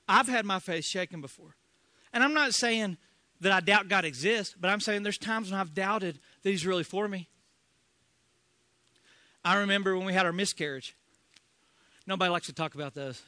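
A man's voice: very high-pitched, moderate pace, sharp tone, no echo. A pastor in his thirties preaching a sermon, impassioned and acting out the voices of the people in the story. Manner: impassioned, acts out quoted voices.

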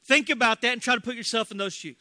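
A man in his thirties preaches with fervor, slipping into the voices of the people in his story. His voice sits high and rings bright and forceful. The sound is dry and close. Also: fast, no echo. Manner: impassioned, acts out quoted voices. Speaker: pastor. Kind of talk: sermon.

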